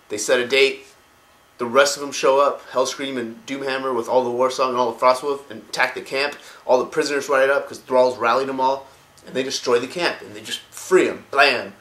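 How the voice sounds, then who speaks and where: Excitable slangy man in an echoey room. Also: medium pitch, brisk. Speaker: lore video host. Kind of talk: casual lore retelling.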